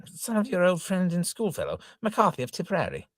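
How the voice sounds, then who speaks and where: A man voicing a courteous young gentleman suitor, speaking formally in an amateur reading of an old farce. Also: sits high, wildly swooping pitch, brisk, dry recording, studio quality.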